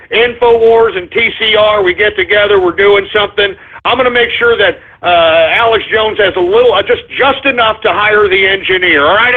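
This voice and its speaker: A man hosting a comedic call-in radio show, theatrical and exasperated, with mock whining and shouting. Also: high-pitched. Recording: tinny lo-fi broadcast.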